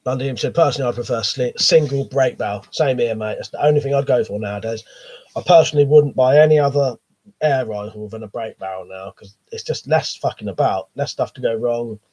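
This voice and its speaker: A man's voice: mid-range voice, fairly quick, a little mellow. A man with a cold, coughing as he hosts a live stream, reading viewer chat in a rambling, sweary, hesitant way. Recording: dull lo-fi stream audio.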